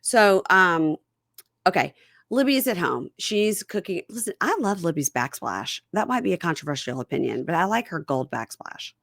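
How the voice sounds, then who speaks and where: A woman hosting a casual recap chat, retelling scenes and playing out both sides in lively voices. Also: moderate pace, creaky, dry recording, studio quality. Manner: retells scenes acting out both sides with big pitch jumps. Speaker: podcast host recapping reality TV.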